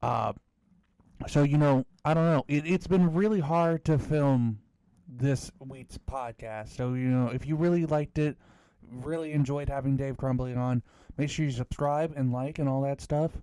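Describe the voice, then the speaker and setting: A man's voice: mid-range voice, measured pace, dark tone, smooth, dry recording. A man hosting a podcast in casual chat, rambling with many fillers and self-mocking jokes. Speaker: podcast host.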